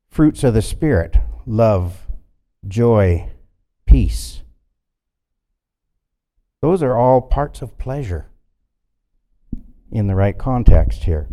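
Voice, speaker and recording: A man preaching a sermon in a folksy way, swinging between loud bursts and quiet asides. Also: medium pitch.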